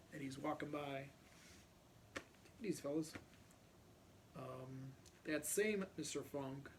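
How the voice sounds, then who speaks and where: Guy telling old neighborhood stories, kinda high voice, clears his throat a lot, faint hiss behind. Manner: rambling, clears throat often. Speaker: storyteller. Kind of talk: casual anecdotal storytelling.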